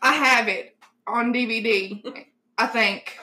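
A woman joins a casual trivia chat and answers with loud exclamations. She speaks slowly, and her voice is bright and a little high. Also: fairly even intonation. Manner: exclaiming, laughing reactions. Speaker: guest.

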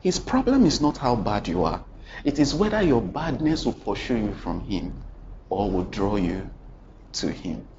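A man's voice: sing-song, measured pace, noisy background. A man preaching a sermon, telling a story dramatically and putting questions straight to the congregation, with repeated phrases. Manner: dramatic storytelling with sudden swings in pitch and loudness; addresses the congregation directly with questions and repetition. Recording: dull lo-fi recording with faint ambience.

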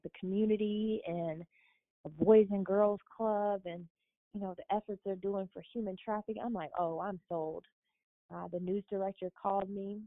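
A young woman from Florida, a guest telling her story in a casual, animated way and often quoting others. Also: medium pitch, no room sound. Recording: dry tinny phone-line sound.

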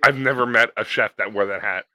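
A man's voice: fairly low pitch, a little fast, bright, forceful tone, dry recording. A man co-hosting a podcast, riffing crudely and sarcastically while watching a movie. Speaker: podcast co-host. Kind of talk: casual movie watch-along banter.

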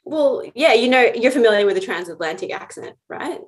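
A woman's voice: fairly high pitch, animated, a little fast. A woman co-hosting a podcast, talking thoughtfully in casual chat. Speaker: podcast co-host.

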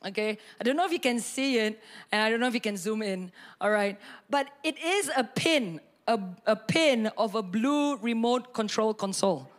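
A middle-aged woman pastor tells a personal story from the pulpit. Her voice sits slightly high and leaps up when she acts out what people said. She talks in a lively, expressive way. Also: normal speed. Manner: animated storytelling, acts out quotes with sudden high bursts and laughter.

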